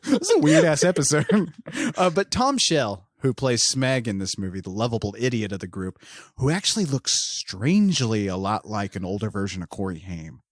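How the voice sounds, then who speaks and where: Brief: podcast co-host, loose and rambling, swears freely, pitch jumps around, dry close sound. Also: animated, normal speed, no room sound. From Oklahoma. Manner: profane, laughs often, rambling. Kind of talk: casual chat.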